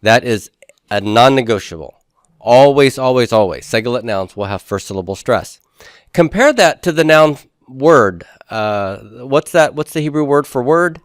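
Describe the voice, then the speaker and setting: A man teaches a Hebrew grammar class, explaining things step by step and posing questions to the class before answering them himself. He sounds animated at a medium pitch and normal speed, in a studio-quality recording with no room sound.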